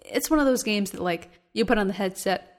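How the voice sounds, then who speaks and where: A woman's voice: medium pitch, expressive, fairly quick, faint music behind. A woman co-hosting a podcast in casual chat, chatty and giggly as she jumps between topics. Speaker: podcast co-host.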